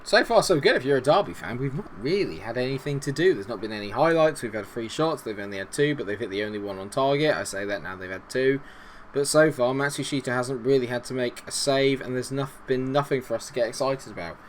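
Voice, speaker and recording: A man giving chatty, excitable commentary over a football management game and talking to his viewers. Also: mid-range voice, quick pace, slight background noise. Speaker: gaming video host.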